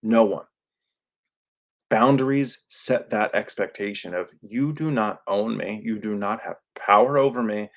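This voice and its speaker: Low-voiced man hosting a coaching podcast. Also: a little slow. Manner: earnest, coaching, casual with fillers and laughs. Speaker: podcast host. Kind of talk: solo podcast talk. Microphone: studio microphone.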